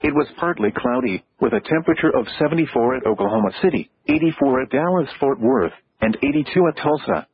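A man's voice: animated, brisk, gravelly, few pauses, slightly rough, narrow, tinny audio. Synthetic male weather radio voice. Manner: clipped, evenly paced readout with abrupt pitch jumps on single words. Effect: synthetic computer voice. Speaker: automated weather announcer. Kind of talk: automated weather broadcast reading.

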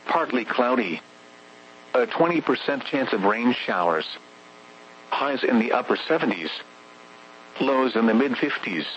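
A man's voice: mid-range voice, fairly bright tone. Synthetic male weather-radio announcer. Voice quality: synthetic, evenly clipped delivery. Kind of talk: automated weather radio broadcast. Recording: dull lo-fi radio with faint hum.

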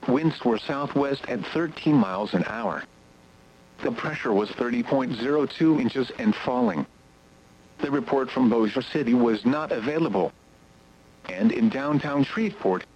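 In a low-quality recording, a husky, medium-pitched synthetic male voice delivers an automated weather radio broadcast. It recites numbers and forecasts in a steady, mechanical manner.

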